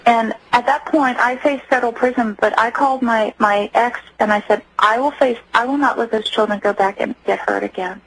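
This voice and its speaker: A woman giving personal testimony as a radio interview guest, earnest and halting, often restarting her sentences. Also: fairly high pitch, breathy edge, poor audio.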